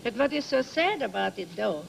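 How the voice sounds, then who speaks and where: Older Hungarian-accented woman, talk show guest; gravelly, dramatic, broken English; faint noise. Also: on the high side, very animated, brisk, rough recording. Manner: theatrical, laughing storyteller with broken English phrasing. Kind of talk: animated anecdote telling. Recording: 1980s TV studio audio with background noise.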